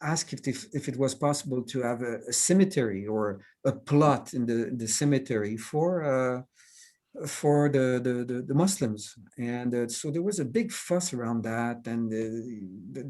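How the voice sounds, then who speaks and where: A French-speaking cartoonist from Quebec chats informally on a video call, his English carrying a Québécois accent. His voice sits at medium pitch with a somewhat dark tone, and he hesitates a lot, filling gaps with fillers and restarting sentences.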